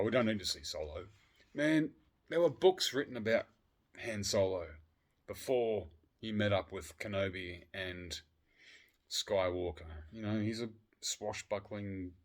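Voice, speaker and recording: A man chatting casually on a vlog, excitable and profane, swinging between loud outbursts and low muttering. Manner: swears freely. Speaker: vlogger. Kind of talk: casual chat.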